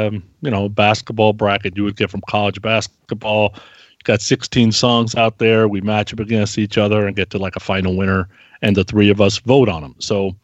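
A man's voice: lowish voice, dry recording. A man co-hosting a podcast, explaining a game in a laid-back, casual way. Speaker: podcast co-host running the game. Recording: dull, dry lo-fi sound.

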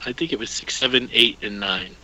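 A man's voice: mid-range voice, a little fast, bright, forceful tone, rough recording. A man hosting a podcast trivia quiz in casual chat, joking and laughing as he reads out questions and answers.

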